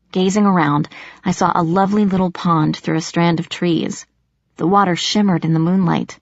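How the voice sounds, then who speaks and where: A woman narrates a first-person story in a steady, measured audiobook style. Her voice sits a little low. The recording is dry and slightly dull. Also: dry recording.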